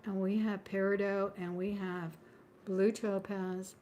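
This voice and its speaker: A woman's voice: medium pitch, level tone, unhurried, mellow, a little hiss or hum. A woman hosting a live-stream jewelry sale, calling out buy-now prices in a chatty, friendly way and drifting into small talk with frequent laughs. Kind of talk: live-stream sales patter.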